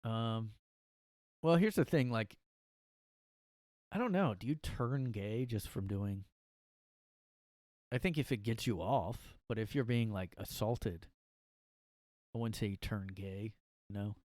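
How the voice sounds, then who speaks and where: A man's voice: on the low side, slow, long pauses, darkish tone, no echo. Male solo podcaster, casual and rambling, dry room sound. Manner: jokey, rambling, many fillers. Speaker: podcast host. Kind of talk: casual comedic monologue. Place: his room.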